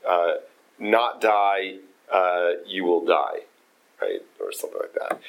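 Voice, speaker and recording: A man leading a text study group, explaining in a halting way with many fillers and restarts. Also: deep voice, big pitch swings, creaky, low-quality recording. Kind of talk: casual text study discussion.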